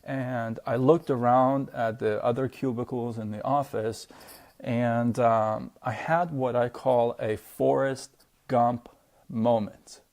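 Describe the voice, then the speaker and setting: Gravelly-voiced man telling a story. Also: mid-range voice, steady tone, takes it slowly, darkish tone. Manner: loose, chatty, fillers and tag questions. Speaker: vlogger. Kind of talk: personal storytelling to camera.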